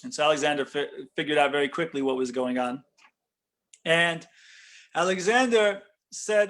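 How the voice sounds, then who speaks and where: A man, a rabbi, telling a story in a lesson, animated and often correcting himself mid-sentence. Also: a little high, moderate pace.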